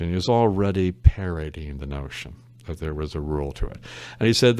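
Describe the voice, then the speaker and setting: A man's voice: a bass voice, expressive, brisk, a little mellow, smooth, no echo. A man, an English literature professor speaking as a guest on a casual podcast interview, thoughtful and wry, wandering into side stories. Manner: thoughtful, wry, digressive explainer.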